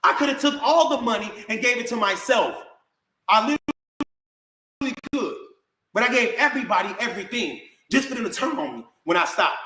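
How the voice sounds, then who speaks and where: A man's voice: very high-pitched, lively intonation, moderate pace, pushed and bright, roomy sound. A man venting in a heated rant to the camera, indignant and repetitive, calling his viewers bro. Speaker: vlogger.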